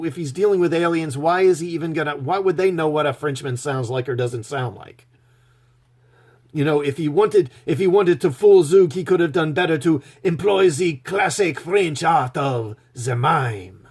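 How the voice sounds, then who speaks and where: A man's voice: a little high, animated, normal speed, a little mellow, breathy edge. A man recapping a TV episode in a casual, sarcastic, mocking tone. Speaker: show reviewer.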